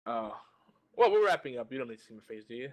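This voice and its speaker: A man's voice: mid-range voice, big pitch swings, quick pace. A man co-hosting a podcast over a video call, ranting in casual chat, swearing freely and stumbling through restarts. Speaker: podcast co-host. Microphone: joined by video call.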